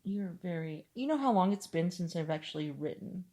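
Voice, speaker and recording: Lower-voiced woman chatting casually. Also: expressive, fairly quick, dark tone. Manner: rambling, laughs often, swears casually. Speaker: podcast co-host. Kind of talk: casual chat.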